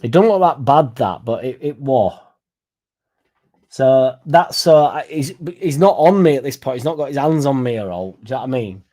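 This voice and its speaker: Young bloke chatting on his stream, swears a lot, rambles, mellow relaxed voice. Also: mid-range voice, moderate pace. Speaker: football fan streamer. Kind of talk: casual livestream storytelling.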